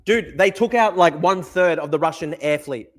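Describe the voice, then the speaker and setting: A man hosting a live-streamed news show who reacts to chat, swears hard and repeats himself for emphasis. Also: normal speed. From Australia. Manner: profane, emphatic, repeats himself, mocks in a high voice. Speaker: livestream news host.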